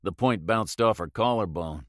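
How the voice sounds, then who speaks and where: A man's voice: fairly low pitch, normal speed, no room sound, natural voice. A man voicing a hardened boat captain who talks tersely in short, clipped lines, close to his own narrating voice.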